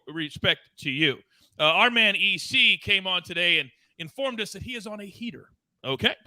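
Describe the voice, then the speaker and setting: Male sports host, high, very bright voice, dry close sound, bouncy hype delivery. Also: dry recording. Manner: loud, playful, swings up and down in pitch. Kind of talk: energetic sports betting show banter.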